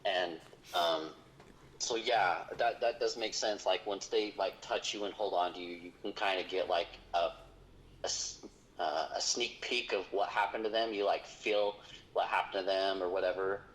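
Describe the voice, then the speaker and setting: A man who investigates hauntings, telling a long personal story in conversation, halting and full of fillers and restarts. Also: deep voice, fairly even intonation, fairly bright tone, slight background noise, low-quality recording. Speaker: paranormal investigator.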